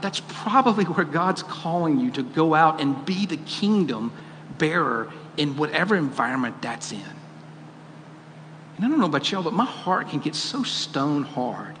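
A man's voice: a little high, a bit bright, slight background noise. A man preaching a sermon, earnest and questioning, rising to emphatic peaks. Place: church auditorium. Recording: long hall reverb, faint ambience.

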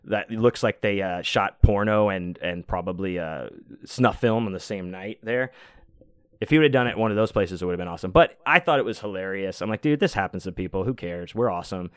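A man's voice: fairly low pitch, a little fast, clean tone, no room sound, clean studio sound. Laid-back, profane man telling a story. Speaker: podcast host. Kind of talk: casual storytelling monologue.

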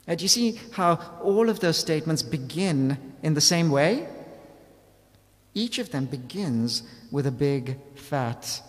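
A man preaching a sermon in a lively, conversational way, asking his listeners rhetorical questions. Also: fairly high pitch, in a large hall.

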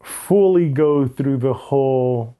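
A man's voice: medium pitch, takes it slowly, dark tone. A young man telling a candid personal story, frank and often laughing, with many "like"s. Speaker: guest.

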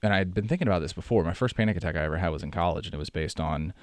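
A man's voice: low-pitched, very fast, no room sound, clean studio sound. A young American man hosting a podcast, talking in a rambling, chatty way and often correcting himself. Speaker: podcast host. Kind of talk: casual monologue.

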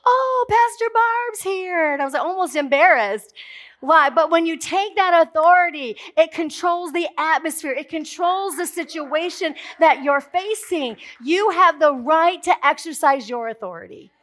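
High-voiced woman pastor preaching with force. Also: a bit bright. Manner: emphatic, declaring lines with rising force; jokey asides to the congregation. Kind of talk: sermon.

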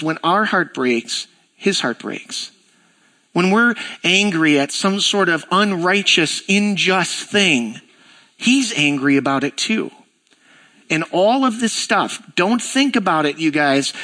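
A man with a bright, ringing voice pitched a little high preaches to his church. He talks casually and animatedly, slipping into lively acted-out dialogue when he tells a story. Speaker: pastor. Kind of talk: sermon.

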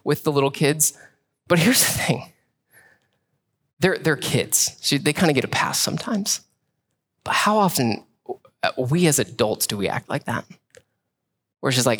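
A man, preaching a sermon in a conversational, animated way with quick asides. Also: fairly high pitch. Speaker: pastor.

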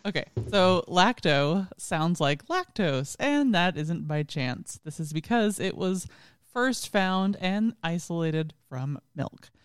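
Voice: medium pitch, big pitch swings, slow pace, smooth, no echo. Giggly podcast co-host explaining brewing. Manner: giggly, explains facts between bursts of laughter. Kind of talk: casual podcast chat.

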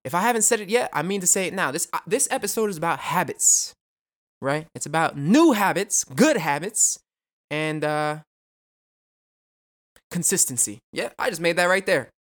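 A young man hosting a solo podcast, talking fast and casually with a lot of swearing, rambling off on tangents and throwing in self-mocking jokes. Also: a little high, lively intonation, fairly bright tone. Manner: rambling, profane, goes off on tangents; jokey, self-mocking asides. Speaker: podcast host.

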